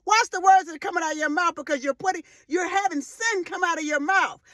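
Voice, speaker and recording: Woman in her forties, high voice, impassioned motivational talk, emphatic repetition, dry close sound. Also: fast talker, no echo. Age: 40s. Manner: impassioned and emphatic, repeating phrases for effect; rises to loud emotional outbursts. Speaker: motivational speaker. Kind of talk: faith-based motivational talk.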